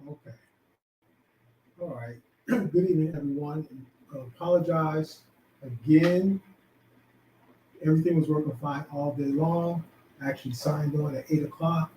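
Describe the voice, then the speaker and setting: Guy coaching on a video call, kinda high and bouncy voice, echoey room, sits back from the mic. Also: unhurried, long pauses, dark tone, far from the mic, slight background noise. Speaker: health coach. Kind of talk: live online presentation.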